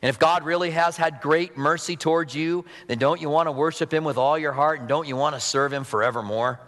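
A man preaching a sermon as pastor, animated and fervent, dropping to soft intimate moments. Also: a little high, a little fast, big-room sound.

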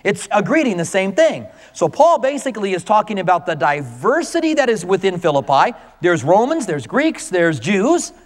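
A male pastor preaching a conversational, animated sermon to his congregation. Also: sits high, normal speed, few pauses, long reverb tail.

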